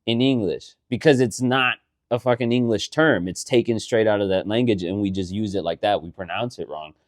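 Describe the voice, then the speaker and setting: A man co-hosting a casual podcast, explaining things in a rambling, animated way and swearing often. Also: lowish voice, a little fast, dry recording, studio quality. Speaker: podcast co-host. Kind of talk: casual chat.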